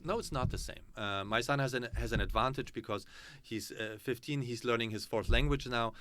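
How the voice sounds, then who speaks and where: German-accented man, bright forceful voice. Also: mid-range voice, brisk. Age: 40s. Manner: animated storyteller, acts out quoted dialogue. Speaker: podcast guest. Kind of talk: casual conversation.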